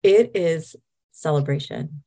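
Guest hypnotist, female, low voice, earnest and enthusiastic. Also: takes it slowly, warm tone. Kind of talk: casual chat.

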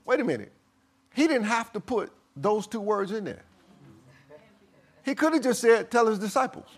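A man preaching a sermon. He speaks emphatically, moving from quiet passages to loud stresses. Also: sits high, big pitch swings, unhurried, slightly rough.

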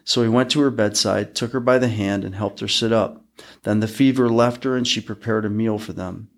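A man hosting a podcast, reading Bible passages aloud in a measured, even way. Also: fairly low pitch. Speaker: podcast host reading scripture. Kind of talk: scripture reading.

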